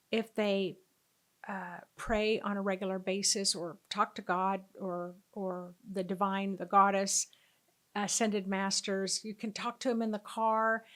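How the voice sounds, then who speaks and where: A middle-aged woman speaks earnestly and conversationally, recounting a personal story as a spiritual teacher. Her pitch sits in an ordinary middle range, and she often pauses on fillers as she gathers her thoughts.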